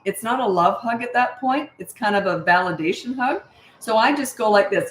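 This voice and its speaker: A middle-aged woman who coaches parents, answering viewer questions in a breezy, matter-of-fact way and acting out parent lines in a bright sing-song. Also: medium pitch, moderate pace. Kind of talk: casual Q&A livestream. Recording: echoey room.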